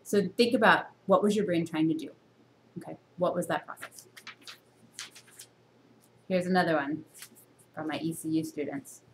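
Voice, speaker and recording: A woman teaching a university reading course in a recorded lecture to a camera, asking her students many questions and jumping up in pitch to stress her points. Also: moderate pace, long pauses, slight background noise. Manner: teacherly, full of rhetorical questions; expressive jumps in pitch for emphasis.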